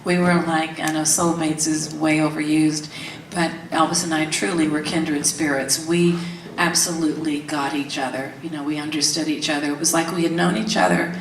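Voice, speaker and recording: A woman, telling a candid story in an interview, animated, laughing often and acting out the quotes. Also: low-pitched, normal speed. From Tennessee, US. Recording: roomy, distant mic, faint background hiss.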